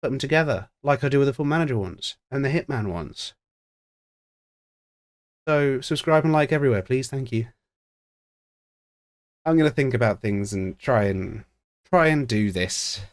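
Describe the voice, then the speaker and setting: A man's voice: medium pitch, expressive, normal speed, pauses often, no echo. A man giving ranting, sweary commentary on a football management game, exasperated with his team. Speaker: streamer.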